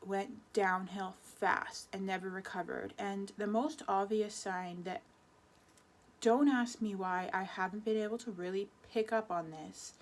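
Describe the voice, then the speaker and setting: A woman in her twenties speaks in a personal confessional vlog. She rambles and restarts her sentences often. Her delivery is emotional throughout. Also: medium pitch. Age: 20s. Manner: rambling, self-correcting, emotional. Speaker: vlogger.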